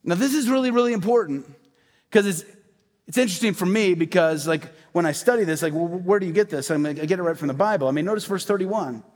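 A pastor with a high, slightly mellow voice talks quickly as he preaches in a church sanctuary. He addresses the congregation in a lively, conversational way, slipping in asides, and the recording carries hall reverb.

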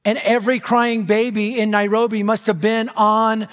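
A middle-aged American man preaching a storytelling sermon, animated and dramatic, dropping to a hush for emphasis. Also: high-pitched, normal speed. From United States. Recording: reverberant hall.

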